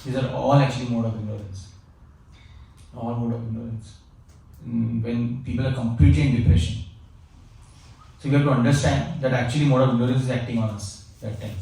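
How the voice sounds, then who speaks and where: A man teaching an informal class, talking conversationally, repeating key phrases and pausing with fillers. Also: mid-range voice, fairly even intonation, creaky, dark tone. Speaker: spiritual teacher. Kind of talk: informal class lecture with anecdotes. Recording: echoey room, speaker far from mic, faint noise.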